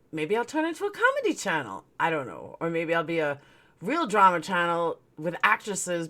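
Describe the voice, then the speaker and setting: A woman's voice: on the low side, a bit bright. A woman hosting her own livestream, chatting casually and joking as she greets viewers by name. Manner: greets chat viewers one by one; chatty, joking, laughs at herself. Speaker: livestream host.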